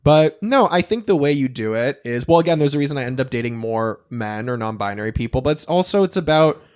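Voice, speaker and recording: A young man talking as a podcast guest in casual interview chat, blunt and emphatic, swearing freely with lively asides. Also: mid-range voice, fast, smooth.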